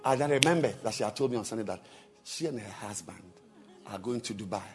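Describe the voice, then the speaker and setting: A man's voice: fairly low pitch, quick pace, over music. A man preaching as a bishop, telling stories animatedly and acting out dialogue with many repetitions. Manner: animated, acts out dialogue, repeats words. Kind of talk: sermon storytelling.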